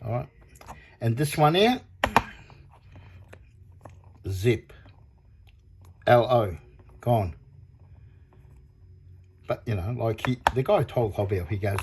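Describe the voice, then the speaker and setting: A man chatting in a casual product vlog about audio amp parts, rambling and excitable, laughing often. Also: medium pitch, takes it slowly, pauses often, noisy background.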